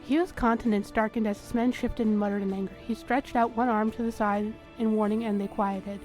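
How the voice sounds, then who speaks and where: A woman host reading a story game's first-person narration aloud in a steady manner. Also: medium pitch, brisk, soft background music.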